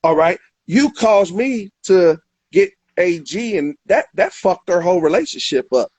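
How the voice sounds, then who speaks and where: A man's voice: high-pitched, expressive, measured pace, a little mellow, dry recording. A man hosting a livestream argument, confrontational and profane, often talking over his guests. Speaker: livestream host.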